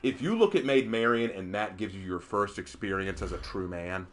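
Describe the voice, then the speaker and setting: A man hosting a casual stream, joking wryly while his voice is going hoarse. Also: fairly low pitch, moderate pace, a bit bright, a little hiss or hum. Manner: jokey, wry banter. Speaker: stream host.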